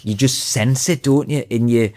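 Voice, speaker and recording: A man's voice: medium pitch, normal speed, mellow, dry recording, studio quality. A man speaking as a podcast guest, confident and emphatic in easy conversation. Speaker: podcast guest, sales trainer. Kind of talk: podcast interview.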